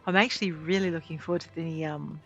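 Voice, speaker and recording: Chatty woman with a gravelly voice. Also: sits low, fairly even intonation, quick pace, lo-fi sound, soft background music. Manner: chatty, talks to the game characters. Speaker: gameplay streamer. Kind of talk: casual game commentary.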